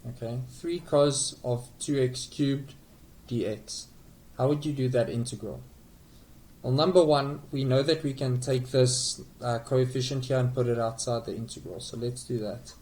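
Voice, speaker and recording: At a moderate pace and medium pitch, a man with a slightly mellow voice tutors calculus over poor audio. He explains each step patiently, peppering it with okays and minor corrections of himself.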